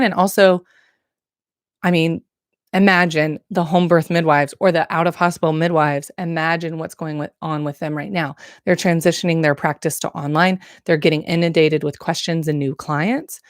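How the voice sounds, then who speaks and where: A woman's voice: low-pitched, normal speed, no room sound, clean studio sound. A woman who works as a birth nurse, giving frank, slangy, encouraging advice straight to camera. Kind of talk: casual direct-to-camera advice.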